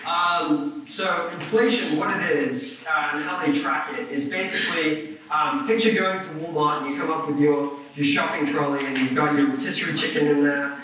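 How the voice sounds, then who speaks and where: Bright-voiced man presenting in an echoey hall. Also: on the high side, steady tone, normal speed, hardly any pauses, far from the mic, a little hiss or hum. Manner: casual, filler-heavy explaining. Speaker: presenter at a realtor seminar. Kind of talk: live seminar presentation.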